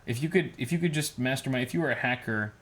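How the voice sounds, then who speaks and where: A man's voice: medium pitch, fast. Playful man in his thirties, co-hosting. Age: 30s. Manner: playful, jokey, trails off and restarts. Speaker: co-host. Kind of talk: casual livestream chat.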